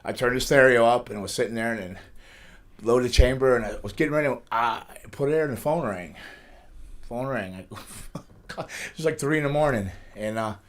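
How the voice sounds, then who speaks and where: A man's voice: medium pitch, brisk. A middle-aged man, a wrestler, telling rambling life stories in a studio interview and laughing through them. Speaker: wrestler guest. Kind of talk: casual storytelling interview.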